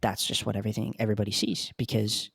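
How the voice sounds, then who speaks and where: A man's voice: fairly low pitch, flat delivery, fast, vocal fry, fairly bright tone, slightly rough, no room sound, clean studio sound. A man hosting a casual podcast conversation, loose and outspoken, swearing freely and laughing often. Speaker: podcast host.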